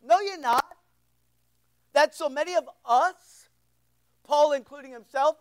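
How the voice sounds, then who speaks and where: Orta yaşlı erkek vaiz, tiz sesli, kilisede sohbet havasında vaaz veriyor. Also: male voice, extremely high pitch, slow, poor audio. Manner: conversational, repeats words, asks the room questions. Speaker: pastor. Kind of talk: sermon. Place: church.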